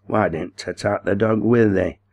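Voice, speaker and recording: A man's voice: fairly low pitch, measured pace, a little mellow. A man voicing a sneering, domineering farm boss. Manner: sneering, jeering.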